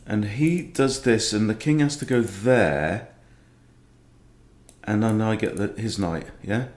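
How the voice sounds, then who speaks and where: A man's voice: lowish voice, slow pace, a little mellow. A middle-aged man, a chess coach, giving self-mocking, exasperated live commentary on his own online games, sighing as he goes. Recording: echoey room.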